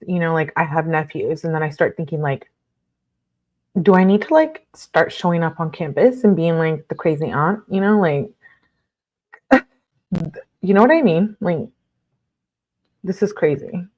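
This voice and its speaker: A woman's voice: sits low, animated, unhurried, long pauses, darkish tone, dull audio. Outraged woman reading aloud live. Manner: reads aloud then reacts with blunt outrage, filler-heavy. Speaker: livestream host reading court documents. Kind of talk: casual live commentary.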